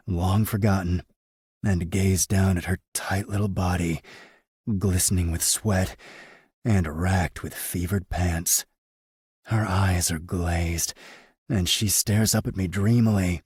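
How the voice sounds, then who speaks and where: Deep, husky-voiced male audiobook narrator. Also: darkish tone, dry recording, studio quality. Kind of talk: first-person romance audiobook narration.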